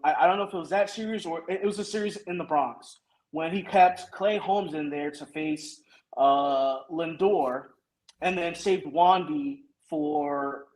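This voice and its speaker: A man's voice: fairly high pitch, low-quality recording. A man on a sports podcast, breaking down managing decisions analytically with hesitant fillers. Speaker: podcast co-host. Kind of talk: casual sports chat.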